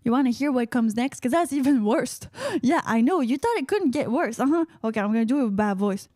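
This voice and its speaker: Chatty female radio host, high-pitched and playful, dry close mic. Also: animated, fast talker, darkish tone, dry recording. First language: French. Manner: playful, chatty, sprinkles "uh-huh" affirmations. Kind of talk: casual radio monologue.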